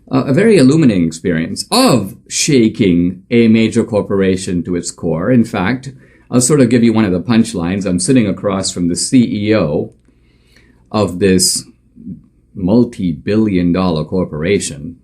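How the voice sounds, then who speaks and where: A man's voice: fairly low pitch, a little mellow. A male author and commentator telling a story in an emphatic, conversational monologue with frequent fillers.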